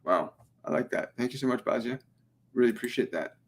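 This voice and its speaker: A man hosting a live spiritual Q&A as a medium, speaking gently and soothingly, often repeating his phrases and pausing on ums. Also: mid-range voice, animated. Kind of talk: livestream channeling session.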